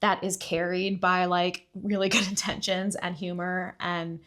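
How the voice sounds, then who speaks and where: A podcast guest, a woman from Puerto Rico, talks in relaxed conversational chat. She tells her stories with energy and often leaps into high, playful voices to act out the people she met. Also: unhurried. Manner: animated, acts out voices with big pitch jumps. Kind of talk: casual storytelling chat.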